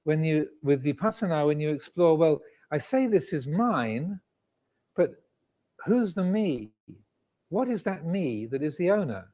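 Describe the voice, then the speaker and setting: Monk in his 60s, dharma talk, unhurried and reflective, pauses often, voice a bit high. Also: sing-song, dark tone. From England. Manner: measured, reflective, pauses with frequent fillers. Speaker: Buddhist monk teacher. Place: indoor meditation hall with cameras and air conditioning.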